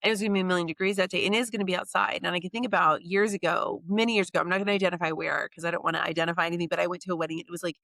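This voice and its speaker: A middle-aged woman talks as a podcast guest in an animated, chatty way, full of quick asides. Her voice is bright and forward. The sound is close and dry. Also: lowish voice, gravelly, no room sound. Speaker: guest, wedding PR expert. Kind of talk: casual podcast chat.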